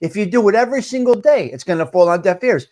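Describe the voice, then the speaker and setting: Loud, animated older male stream host. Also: sits high, quick pace. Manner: loud, emphatic, repeats points for effect. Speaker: livestream host. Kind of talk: live morning talk stream, greeting chat viewers.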